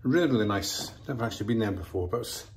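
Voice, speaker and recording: A man's voice: fairly low pitch, lively intonation, quick pace, slight background noise. A man, chatting casually to viewers in a travel vlog. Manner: chatty, addresses viewers as folks. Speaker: travel vlogger.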